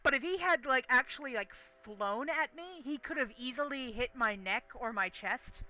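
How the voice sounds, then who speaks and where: A young woman on a game stream tells a story with swearing and emphasis. Her voice is high and bright, and faint music plays under it. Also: moderate pace. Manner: animated, profane, emphatic storyteller.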